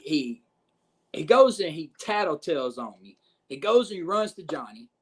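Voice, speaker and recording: A man telling a backstage wrestling story on a podcast, animated and profane, acting out what others said. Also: on the high side, slightly rough. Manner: profane, animated retelling with quoted voices. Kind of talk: casual storytelling.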